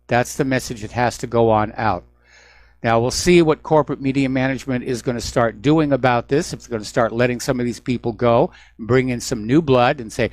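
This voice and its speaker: A man's voice: medium pitch, a little fast, dry recording. A man hosting a radio news talk show, delivering an emphatic, indignant commentary monologue.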